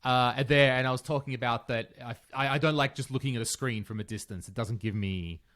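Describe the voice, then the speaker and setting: A man chats casually on a podcast, telling stories about life on the road. He is animated and loose, swearing now and then, and his voice sits at an everyday middle pitch. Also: fast. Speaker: podcast co-host. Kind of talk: casual chat.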